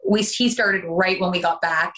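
A woman's voice: lowish voice, moderate pace. Canadian woman chatting away in an interview, laughs a lot. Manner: chatty, laughing, animated asides. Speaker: soap opera actress, guest. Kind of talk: casual interview chat.

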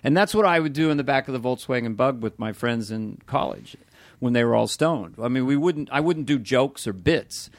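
An older man in his sixties, chatting casually as a comedian guest on a podcast. He talks in an animated way, breaking into voices mid-story. The sound is dry and close, with no room in it. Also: mid-range voice, normal speed, no room sound.

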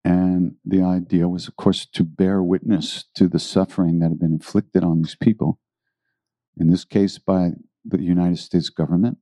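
A deep-voiced man talks to a gathered audience about spiritual practice, earnest and loosely rambling, circling back to repeat his phrases. His tone is dark and mellow, recorded close and dry. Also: little pitch movement, moderate pace, no echo. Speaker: spiritual teacher giving a talk. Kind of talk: informal spiritual talk to a live audience.

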